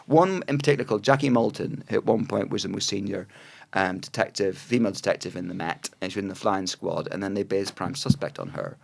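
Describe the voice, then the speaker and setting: A Northern Irish man in his sixties, a TV producer chatting as a podcast guest, telling stories with lively asides and restarts. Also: low voice, fast talker, creaky. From Northern Ireland. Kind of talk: casual interview chat.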